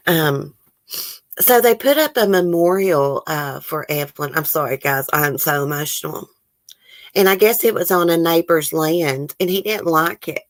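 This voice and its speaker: A woman's voice: low voice, moderate pace, no room sound. A woman hosting a true crime livestream, near tears, sighing and talking to viewers in the chat. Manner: emotional, tearful, sighing, talks to chat. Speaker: true crime channel host. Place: home, near the case area.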